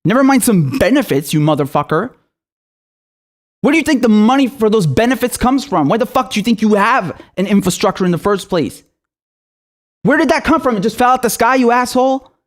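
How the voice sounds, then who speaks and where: A young man in full fury, ranting on his own political show. He swears constantly and throws accusing questions at his targets, his voice pitched high for a man and tight with anger. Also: expressive, brisk. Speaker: political commentator. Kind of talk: angry political rant.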